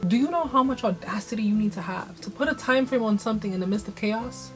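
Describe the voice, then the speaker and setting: A woman's voice: a little high, fast. A woman giving an earnest, encouraging reflective voice-over about her own vlog. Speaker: vlogger. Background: soft guitar music.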